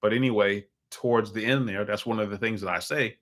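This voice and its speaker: A man talks into a desk microphone while hosting his own live call-in stream. His voice is bright and forward. He rambles through opinionated political commentary in an animated way, restarting sentences and chuckling as he goes. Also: lowish voice, fairly quick.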